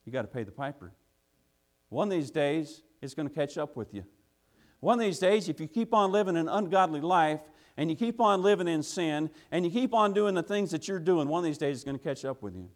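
A man's voice: a little high, animated, a little fast. Folksy storytelling preacher, man. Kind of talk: sermon with personal story.

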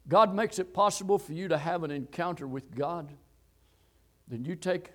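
A man preaching a sermon, quoting scripture and repeating phrases, swinging between loud, high exhortation and low, quiet telling. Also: moderate pace. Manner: reads and quotes scripture verses.

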